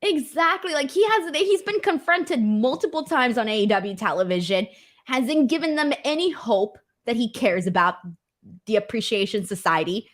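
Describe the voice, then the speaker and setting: A woman's voice: fairly high pitch, expressive, normal speed. A woman hosting a casual wrestling recap, chatty and enthusiastic, with plenty of filler words. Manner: chatty, enthusiastic, lots of likes. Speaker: host.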